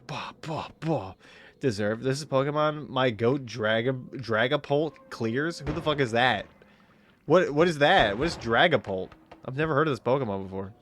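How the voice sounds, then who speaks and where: A man's voice: medium pitch, slight background noise. A man streaming a game, chatting casually, joking and swearing, with sudden yelps. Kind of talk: casual gaming stream commentary.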